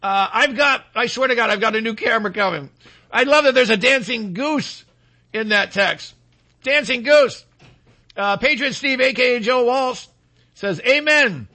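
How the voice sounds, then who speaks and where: A man with a high voice and a piercing, very bright edge hosts a political talk show. He rambles, repeats himself for emphasis and slips into sarcasm, riffing loosely from one point to the next. He is from Michigan. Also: normal speed.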